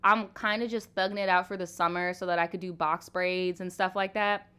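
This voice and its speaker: A young woman in her twenties hosts a casual live Q&A, talking frankly, swearing casually, and filling her speech with "like"s, laughs, and other fillers. Her fairly low voice is clear, resonant, bright, and forceful, with fairly even intonation and a slightly fast pace.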